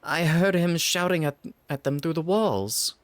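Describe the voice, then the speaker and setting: A man's voice: on the high side, animated, measured pace, no echo, pitched above the performer's own voice. A man putting on a gossipy old neighbor lady. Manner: gossipy, fussing, pitying.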